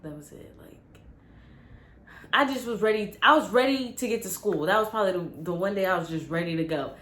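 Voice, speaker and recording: A young woman vlogger telling a casual, animated story with lots of slang. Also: medium pitch, quick pace. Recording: roomy with faint ambience.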